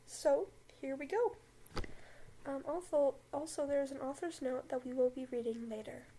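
A high-voiced young woman hosts a casual podcast from home, rambling with plenty of fillers and giggles. Her speech stays chatty and loose as she gets ready to read a story aloud. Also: steady tone, normal speed, mellow, slight background noise, poor audio. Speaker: podcast host. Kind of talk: casual chat and reading aloud. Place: home room with a dog.

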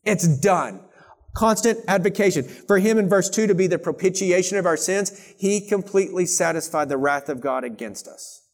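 Male preacher, slightly high voice, fervent sermon that swings from loud to hushed. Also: a little fast, few pauses. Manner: passionate, swings from loud scripture reading to hushed intensity.

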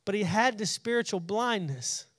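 A man's voice: high-pitched, animated, normal speed, fairly bright tone, no room sound, studio quality. A man preaching a casual Bible study, talking conversationally, often repeating and restarting words, and paraphrasing scripture in everyday speech.

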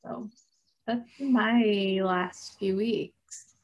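A woman's voice: medium pitch, fairly even intonation, extremely slow, a little mellow. A woman in her thirties, a mom, chatting on a podcast in a reflective, musing way, often trailing off mid-thought. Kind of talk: casual chat.

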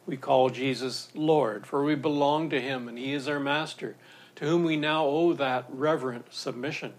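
A man preaching a sermon in a measured, earnest storytelling manner. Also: mid-range voice. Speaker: pastor.

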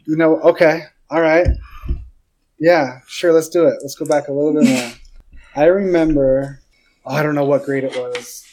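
A man appearing as a guest on a podcast, telling stories in a casual, animated way, laughing and acting out his own reactions. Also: a little high, normal speed, slight background noise, rough recording. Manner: animated storyteller, laughs and does lively quoted reactions. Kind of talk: casual chat.

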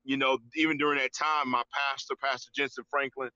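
Man, halting and heartfelt. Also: mid-range voice, flat delivery, sharp tone, clear, resonant tone, dry recording, lo-fi sound. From Georgia, US. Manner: halting, many restarts and fillers, says "man" often. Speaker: interview guest. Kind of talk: casual testimony in an interview.

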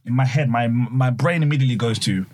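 A young man from London with a British accent, excitedly telling a story in a casual group chat, full of "I was like". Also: medium pitch, fast.

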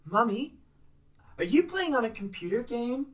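A man's voice: sing-song, normal speed, recorded from a distance. A man putting on a wide-eyed little girl. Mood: curious. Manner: high, wide-eyed childish voice. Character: sweet, eager little girl.

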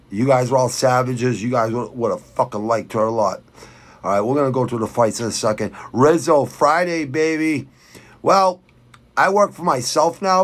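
A middle-aged man with a thick Boston accent, talking in a loose, rambling rant. He swears constantly and speaks bluntly, at a medium pitch. He sounds like a podcast host reading live comments and going off on tangents. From Southwest Quincy, Massachusetts. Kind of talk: casual profane podcast rant.

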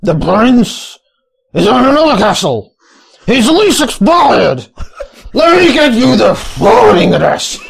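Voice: mid-range voice, big pitch swings, takes it slowly, gravelly, husky, full character voice. A player voicing a castle attendant who sadly turns a visitor away. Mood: mock sorrowful.

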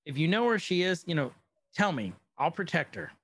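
A man's voice: a little high, sing-song, a little fast, fairly bright tone, husky, no room sound, pitched above the performer's own voice, exaggerated voice. A man retelling a show, quoting a stern male imperial official in a blunt, threatening way in his own everyday voice.

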